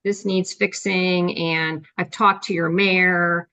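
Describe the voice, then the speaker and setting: A woman's voice: fairly low pitch, flat delivery, slow, pushed and bright. A woman joining a casual panel chat, musing tentatively and hedging her points.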